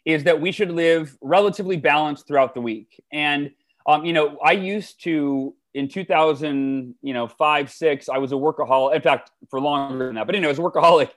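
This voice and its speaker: A man's voice: fairly high pitch, fairly quick. A man in his forties, a guest in a conversation, telling personal stories with enthusiasm and often repeating words as he starts a thought. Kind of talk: conversational storytelling.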